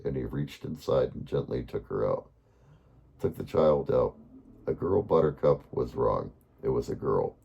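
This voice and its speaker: A man reading a bedtime story aloud in a calm, unhurried way, now and then correcting himself. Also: very deep voice, vocal fry, husky.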